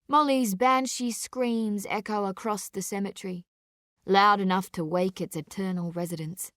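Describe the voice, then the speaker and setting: A woman narrating a dark story with dramatic, deliberate delivery. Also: medium pitch, steady tone, no echo, clean studio sound. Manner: slow, intense, deliberate delivery.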